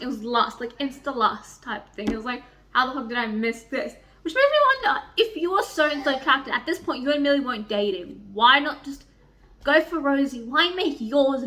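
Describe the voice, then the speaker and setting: A young woman chatting in a casual reading vlog, excitable, rambling and swearing freely as she rants about characters. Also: high-pitched. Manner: rambling, restarts often. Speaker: book vlogger.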